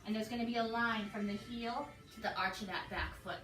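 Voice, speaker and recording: A yoga instructor talks students calmly through breaths and poses in a slightly high voice. She sits back from the mic in an echoey hotel room, with music playing clearly behind her. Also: brisk, distant mic. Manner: calm, counts breaths and cues poses. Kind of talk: guided yoga class instruction.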